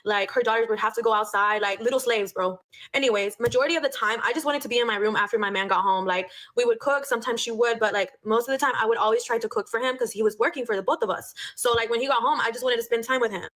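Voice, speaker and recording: A woman's voice: a little high, quick pace, fairly bright tone. A young woman telling a casual storytime, blunt and profane, dropping Spanish phrases into her speech.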